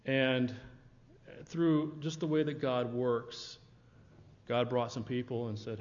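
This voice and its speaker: A man sharing his missionary story with a church audience, relaxed and anecdotal. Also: medium pitch, measured pace. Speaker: missionary presenter. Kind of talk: church presentation talk. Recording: dull sound with long hall reverb.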